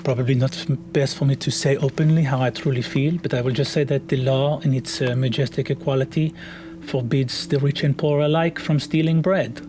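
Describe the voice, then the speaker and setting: A man's voice: medium pitch, steady tone, brisk, background noise, natural voice. A man voicing a composed woman wizard who speaks dryly and wryly. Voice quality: dry, wry. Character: dry, composed female wizard.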